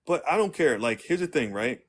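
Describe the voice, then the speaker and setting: A man's voice: mid-range voice, very animated, fairly quick. Blunt, swearing man hosting a live stream. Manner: blunt, emphatic, swears freely.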